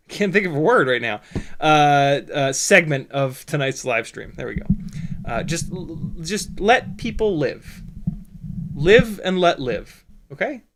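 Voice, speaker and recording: A man's voice: a little high, a bit bright. A man hosting a casual live stream, rambling and jokey, swearing freely and stumbling over his words.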